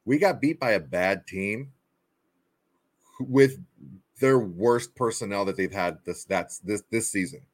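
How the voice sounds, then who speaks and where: A man with a lowish voice co-hosting a football post-game chat, easygoing and quick to laugh. He wanders through fillers as he hunts for his point. The sound is close and dry, with no room around it. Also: no room sound. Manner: laid-back, laughs often, trails off with fillers. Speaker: podcast co-host. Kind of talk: casual sports chat.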